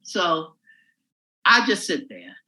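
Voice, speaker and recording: A man, a comedian, telling a crude, animated story while chatting as a podcast guest. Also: high voice, slow pace, low-quality recording.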